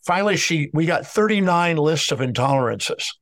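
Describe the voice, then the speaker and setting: A man's voice: a little high, lively intonation, normal speed, fairly bright tone, dry recording. A man telling a story in an interview, lecturing emphatically and acting out both sides of a dialogue. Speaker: speaker on emotional healing.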